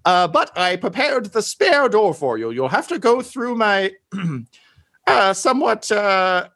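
A man's voice: sits high, big pitch swings, slow, pushed and bright, pitched above the performer's own voice, full character voice. A man voicing a weary male official in a robe who speaks with wry, crude asides.

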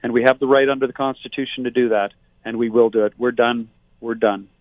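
A man speaks with forceful indignation as a political candidate on a talk show. His voice comes through a thin, tinny phone line. The sound is dry, with no room around it. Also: medium pitch, fairly even intonation, quick pace, no echo. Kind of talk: talk radio interview by phone.

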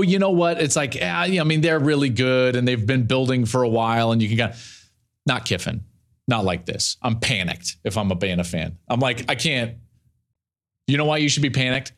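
A middle-aged man hosting a sports opinion show, breaking down college football with emphatic, animated delivery and repeated phrases for effect. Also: mid-range voice.

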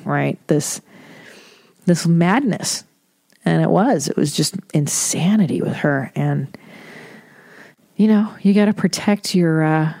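A woman's voice: sits low, mellow, no room sound, studio quality. Candid, profane woman podcast host. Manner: candid, profane, laughs often. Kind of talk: casual chat.

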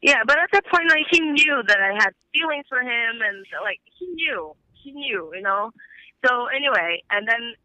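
A woman's voice: fairly high pitch, animated, normal speed, dry recording. Heated woman on a phone line. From Brazil. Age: 20s. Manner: heated, swearing storyteller who acts out quoted dialogue. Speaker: caller. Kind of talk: casual phone call. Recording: bright thin phone line.

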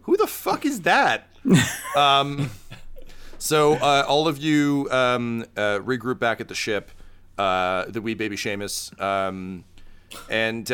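A man narrating as game master of a tabletop game, with halting speech full of fillers. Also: mid-range voice, sharp tone, clear, resonant tone.

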